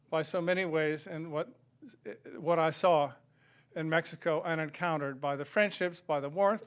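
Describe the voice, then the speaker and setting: A man's voice: fairly high pitch, fairly bright tone, clean tone. An older American man giving a public lecture in a reflective, conversational way, with frequent fillers. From United States. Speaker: guest lecturer. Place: lecture hall.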